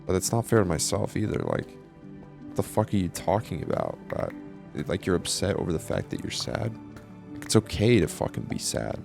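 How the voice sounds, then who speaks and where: Young male vlogger, deep and creaky, candid casual monologue, faint music bed. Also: huge pitch swings, moderate pace. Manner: candid, casual, swears often, many fillers. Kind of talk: personal reflective monologue.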